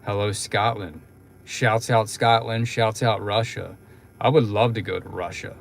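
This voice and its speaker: A man's voice: on the low side, steady tone, a little slow, creaky, a little hiss or hum. A young man hosting a livestream, telling a long story in a casual, rambling way with lots of fillers and restarts. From Philadelphia, United States. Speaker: livestream host.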